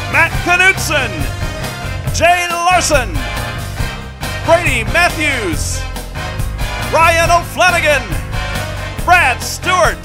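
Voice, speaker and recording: An announcer introducing a comedy show and reading out the performers' names. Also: sits high. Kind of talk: announcer intro over music. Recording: rock music playing behind. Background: rock music.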